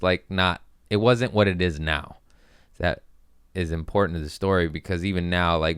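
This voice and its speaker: A man hosting a podcast, telling profane, self-mocking stories in a casual comedic way and jumping into animated voices for the people in them. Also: deep voice, clean tone, dry recording, studio quality. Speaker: podcast host.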